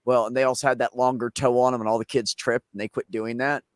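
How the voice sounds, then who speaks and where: A man's voice: medium pitch, flat delivery, fast talker, no room sound, studio quality. A man hosting a casual chat show, telling long rambling family stories with plenty of swearing. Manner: profane, rambling anecdotes. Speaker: show host.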